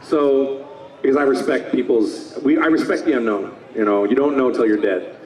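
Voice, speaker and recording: A man in his fifties, a voice actor talking at a convention panel, enthusiastic and slipping into quick character voices. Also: mid-range voice, a little mellow, recorded from a distance, a little hiss or hum. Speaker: voice actor guest. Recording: roomy hall, mic from afar.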